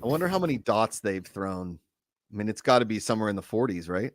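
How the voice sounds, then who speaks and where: A man's voice: lowish voice, lively intonation, fast. A man hosting a casual live stream, asking questions and running picks and announcements in an upbeat way. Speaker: stream host.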